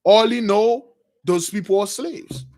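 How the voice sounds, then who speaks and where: High-voiced guy telling a bible story casual style, calls folks brothers. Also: measured pace. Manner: animated, addresses listeners as brothers. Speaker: preacher, storyteller. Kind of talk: casual retelling of a religious story.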